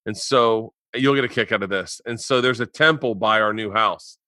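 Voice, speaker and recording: A man in his forties hosts a casual podcast chat, rambling through stories and getting loud as they build. His voice is bright and forceful. The sound is close and dry. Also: on the low side, normal speed, dry recording. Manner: rambling storyteller, gets loud and laughing in anecdotes. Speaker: podcast host. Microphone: remote podcast mic.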